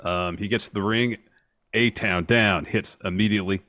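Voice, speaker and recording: A man's voice: lowish voice, fairly even intonation, moderate pace, pushed and bright, dry recording, clean studio sound. A man co-hosting a casual podcast, narrating wrestling events in order. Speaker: podcast co-host. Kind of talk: casual wrestling recap chat.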